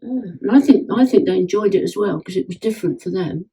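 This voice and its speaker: A chatty woman talks at home, full of enthusiasm and often restarting her sentences. Her voice is mellow and slightly husky, with a relaxed, warm tone. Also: medium pitch, quick pace, rough recording. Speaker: homeowner giving a testimonial. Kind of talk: casual chat. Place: at home indoors.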